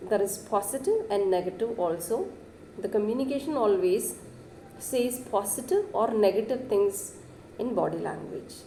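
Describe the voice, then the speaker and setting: Mellow-voiced woman lecturing in an echoey room. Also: lively intonation, normal speed, a little hiss or hum. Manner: repeats "yes" often, stresses words with rising pitch. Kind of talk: classroom lecture.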